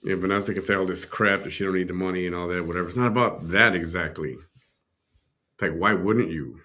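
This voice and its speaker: A man with a very deep voice hosts a reaction show. He comments in a relaxed, chatty way and often searches for words with fillers. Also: a little fast. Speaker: reaction video host. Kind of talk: casual commentary.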